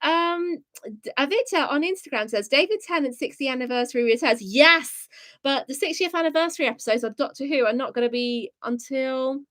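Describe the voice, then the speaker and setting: High-voiced bubbly woman host. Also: a little fast. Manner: bubbly, reads chat comments aloud, excitable gasps. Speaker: live stream host. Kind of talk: casual live stream chat.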